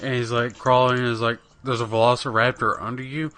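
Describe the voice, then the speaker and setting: A man's voice: medium pitch, level tone, a little fast, fairly bright tone. A man casually chatting on a gaming podcast, rambling with lots of fillers and swearing. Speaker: podcast co-host.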